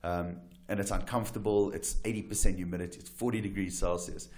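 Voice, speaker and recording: A man from South Africa, a wildlife guide and photographer, telling adventure stories as a talk show guest with lively, restart-filled delivery. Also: deep voice, fast. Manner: animated storyteller, frequent restarts and "right?". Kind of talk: casual storytelling interview.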